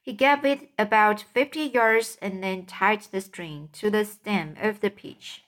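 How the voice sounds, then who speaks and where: A woman reading a children's storybook aloud, slow and careful, with occasional slips. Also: medium pitch, a bit bright. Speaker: reader.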